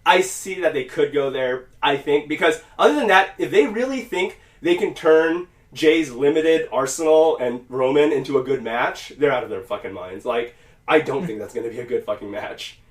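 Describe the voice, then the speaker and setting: A man hosts a casual podcast with loose, rambling talk full of profanity, his voice sitting a touch high for a man. The sound is roomy and echoey, and he sits some way back from the microphone. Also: moderate pace. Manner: rambling, profane, animated when quoting. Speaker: podcast host. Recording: echoey room, mic at a distance.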